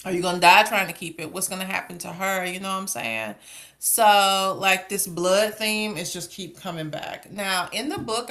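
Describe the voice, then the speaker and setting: A woman's voice: medium pitch, a bit bright. A woman casually recapping and reviewing a TV episode, sassy and chatty, slipping into exaggerated character voices. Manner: sassy, chatty, full of endearments. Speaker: TV show reviewer.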